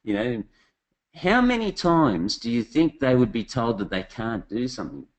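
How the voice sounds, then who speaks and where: A man's voice: mid-range voice, sing-song, normal speed, poor audio. Chatty man presenting a webinar. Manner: chatty storytelling, addresses the audience directly. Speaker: business consulting presenter.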